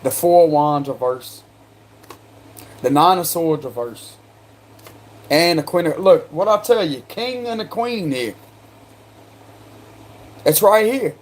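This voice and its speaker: A man's voice: fairly high pitch, lively intonation, slow pace, long pauses. A man with a South Carolina accent doing a casual tarot card reading, slangy and chatty, breaking into laughter. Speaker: tarot reader.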